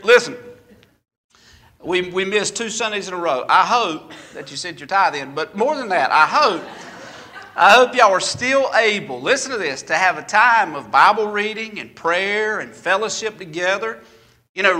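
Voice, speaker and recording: Male pastor, folksy and joking, bright high voice. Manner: folksy, joking storyteller addressing a congregation. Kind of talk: sermon. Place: church sanctuary.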